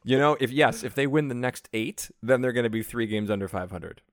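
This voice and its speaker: A man's voice: medium pitch, fairly quick, no echo, clean studio sound. A man co-hosting a casual sports podcast, earnest and a little sentimental. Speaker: podcast co-host.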